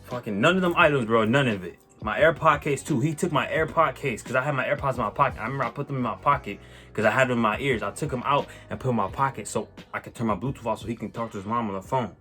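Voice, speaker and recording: A man telling a personal story on his vlog in a casual, animated way, swearing and using lots of slang, with many restarts. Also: mid-range voice, fast. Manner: animated, profane, slang-heavy, rambling with restarts. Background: faint music.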